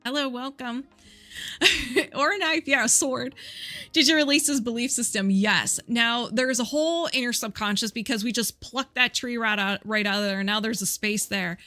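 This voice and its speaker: A woman's voice: on the high side, normal speed, pushed and bright, faint music behind. A woman running a live healing session, chatty and playful, laughing often and answering her own yes-or-no questions. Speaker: energy healer.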